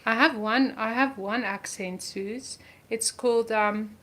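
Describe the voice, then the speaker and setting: A woman with a slightly high, fairly bright voice teaches a live art journaling lesson slowly, narrating each step as she paints. She gushes enthusiastically over the colors and repeats words.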